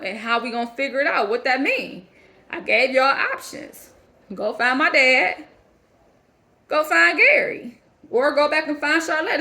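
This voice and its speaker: Brief: high, bright woman doing a defiant foster girl, profane rambling rant. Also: heavily acted. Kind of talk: character monologue.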